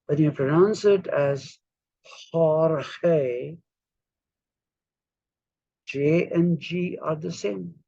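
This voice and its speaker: A man from India lecturing a class in a slow, deliberate way, spelling words out letter by letter. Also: a little high, creaky, mellow, husky, dull audio.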